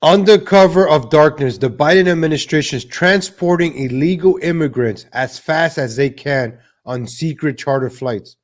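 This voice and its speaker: A man's voice: fairly high pitch, moderate pace, hardly any pauses. A man hosting a livestream political commentary show, ranting and sarcastic with many fillers. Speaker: show host.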